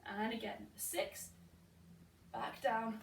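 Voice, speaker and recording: A woman's voice: a little high, very slow, distant mic. A young woman guiding a pilates workout, counting reps aloud in an encouraging way. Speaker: pilates instructor. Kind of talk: guided workout instruction. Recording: echoey room, voice from afar, faint hiss.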